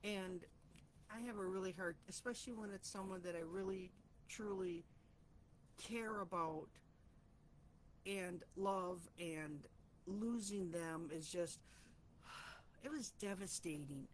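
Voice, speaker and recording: A woman's voice: fairly low pitch, slow pace, long pauses, slight background noise. A woman hosting a personal reflection talk, speaking in a heartfelt, rambling, self-searching way. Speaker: host of a reflection channel.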